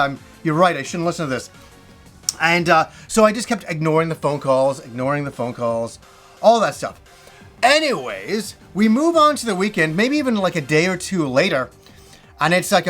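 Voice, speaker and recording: A man hosting a gaming show, telling a personal story in a casual, animated way, swearing often and acting out other people's lines. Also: sits high, moderate pace, faint music behind. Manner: animated, profane, acts out quoted voices.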